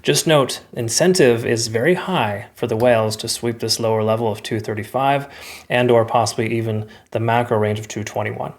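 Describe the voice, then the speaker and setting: A man's voice: mid-range voice, moderate pace. A man hosting a crypto market video, casually walking viewers through chart analysis and calling them folks. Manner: conversational, filler-heavy, addresses viewers as folks.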